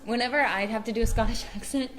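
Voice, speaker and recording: A woman's voice: fairly high pitch, fairly even intonation, quick pace, a bit bright. A woman voice actress on a convention panel, bubbly and enthusiastic as she chats. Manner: bubbly, enthusiastic fan talk. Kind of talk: casual convention panel chat. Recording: convention room with a clear crowd.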